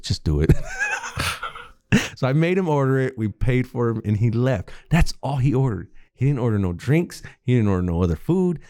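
A young adult man, a podcast co-host, telling a story in casual chat, profane and animated, laughing often. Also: mid-range voice, no room sound.

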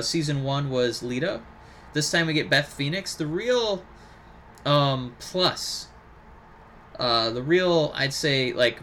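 Animated man chatting on a podcast. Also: mid-range voice, slight background noise. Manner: animated, bursts into excited impressions. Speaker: podcast co-host. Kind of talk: casual chat.

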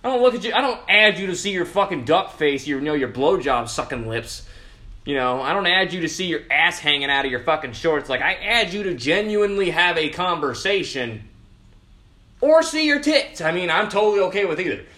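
A young man hosting a casual show, ranting loudly and swearing constantly, with sudden jumps in pitch. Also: lively intonation, brisk. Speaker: podcast host.

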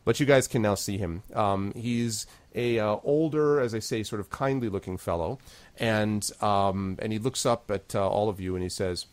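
Man, game master, low voice, rambling, self-deprecating, streamed game. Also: normal speed. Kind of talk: narrating a tabletop game over a livestream. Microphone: video call.

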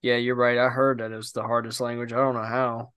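A young man, chatting casually as a co-host in a blunt, animated, profane way. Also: mid-range voice, fast talker, smooth, no echo. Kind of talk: casual chat.

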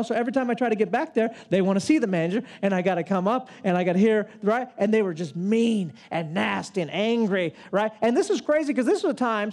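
A man in his fifties telling a personal story in a sermon, in an animated, self-mocking way. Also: sits high. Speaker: preacher.

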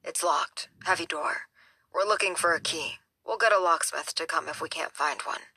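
A woman's voice: deep voice, moderate pace, sharp tone, breathy edge, no room sound, heavily acted. A woman voicing a weary middle-aged male sheriff who speaks in a blunt, matter-of-fact way. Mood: grim.

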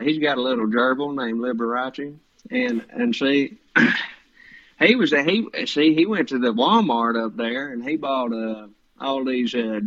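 A man's voice: medium pitch, a bit bright, highs cut off. A man voicing a folksy male prank caller in an exaggerated hick voice, rambling on. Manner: exaggerated hick voice, rambling, says "see, listen".

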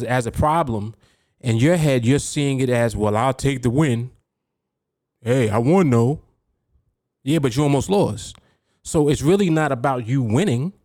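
A New York-accented trading coach hosts a solo podcast, lecturing preachily and firing off rhetorical questions, often asking "you see?" His medium-pitched, warm voice is captured dry in a clean studio.

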